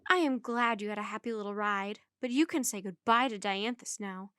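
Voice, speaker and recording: A woman's voice: mid-range voice, a little fast, bright, forceful tone, clean tone, no echo, studio quality, lightly acted. A woman reading aloud, voicing a bossy, scheming teenage girl villain with a cold, commanding manner.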